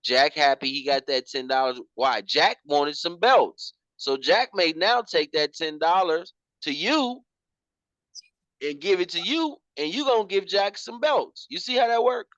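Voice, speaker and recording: A man's voice: a little high, animated, a little slow, a bit bright, no room sound, lo-fi sound. A man teaching finances in casual slang, often repeating himself and calling his listener "bro". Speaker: program instructor.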